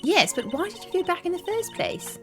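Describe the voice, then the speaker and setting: A woman's voice: very high voice, lively intonation, a little fast, fairly bright tone, faint music behind, voice pushed up. A woman voicing a confident young female lawyer, pressing questions in a raised voice.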